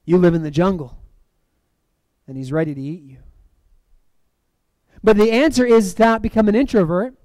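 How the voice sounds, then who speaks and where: A man preaching a sermon in a church, animated, swinging from loud emphatic lines down to quiet, dramatic drops. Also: high voice, normal speed, pauses often, no echo, poor audio. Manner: acts out movie quotes.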